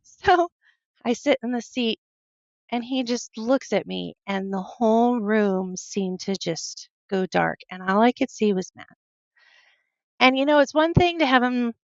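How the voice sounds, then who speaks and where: A woman guest on a podcast telling a personal story earnestly, halting often and quoting her own thoughts. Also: mid-range voice, creaky, no echo, dull audio. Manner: earnest, halting, with many fillers and quoted self-talk.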